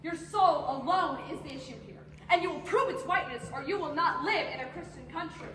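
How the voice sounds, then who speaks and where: A teenage girl playing a stern Puritan magistrate pressing for a confession in a high school stage play. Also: a bit bright, slight background noise. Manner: insistent, drawn-out questioning. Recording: echoey hall from far off, phone.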